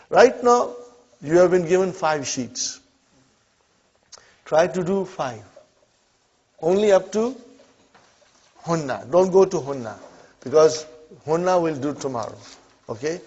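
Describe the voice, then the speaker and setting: A man's voice: fairly high pitch, darkish tone. A man teaching an Arabic grammar class, drilling verb forms aloud and checking in with his students. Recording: dull lo-fi classroom recording.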